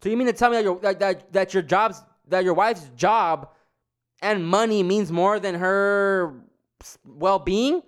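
Profane ranting young man, high clear voice. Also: a little slow. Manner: heated, profane, repetitive restarts. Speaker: vlogger. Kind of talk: casual ranting monologue.

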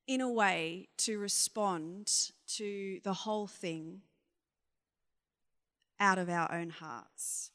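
A woman's voice: medium pitch, a bit bright. A woman giving an informal sermon, candid and conversational, asking frank exasperated questions. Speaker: preacher. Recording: long reverb of a hall.

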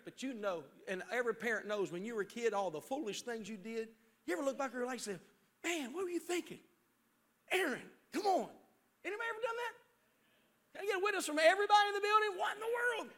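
A middle-aged man preaching a sermon as pastor in a church sanctuary, swinging between shouted appeals and hushed storytelling. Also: very high-pitched, animated, fast talker.

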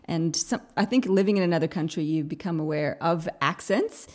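A woman's voice: lowish voice, fairly quick. A woman from Canada, hosting a podcast interview in an enthusiastic, upbeat way. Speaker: podcast host.

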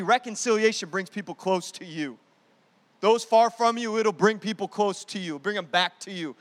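A young adult man preaching a sermon as pastor, animated, moving between loud declarations and hushed, intimate asides. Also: sits high, normal speed, big-room sound.

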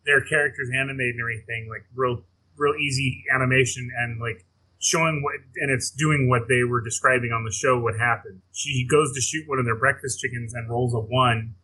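A man's voice: medium pitch, steady tone, a little fast, bright, forceful tone, husky, rough recording. A man co-hosting a podcast in casual chat, rambling and restarting his phrases. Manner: rambling, restarts phrases, laughs while talking. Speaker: podcast co-host.

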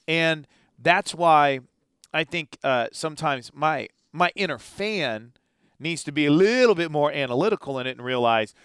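A man's voice: a little high, lively intonation, moderate pace, a bit bright, smooth, dry recording, clean studio sound. A man co-hosting a sports talk show, chatting casually about a football game, often stammering and restarting his thoughts.

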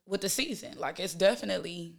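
Socal speaker, chill and slangy, laughs a lot, gravelly and kinda sharp sounding. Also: mid-range voice, quick pace. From Southern California. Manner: laid-back, slangy, laughs often. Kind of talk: casual chat.

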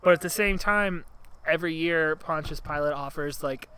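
A man's voice: fairly high pitch, normal speed, slight background noise, rough recording. Man animatedly retelling a film. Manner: animated retelling, acting out characters' lines in raised voices. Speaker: podcast co-host. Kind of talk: casual chat, retelling a film scene by scene.

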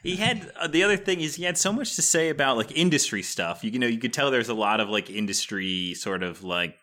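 A man in casual podcast chat, animated and laughing as he talks. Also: mid-range voice, fairly quick. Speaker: podcast guest or co-host.

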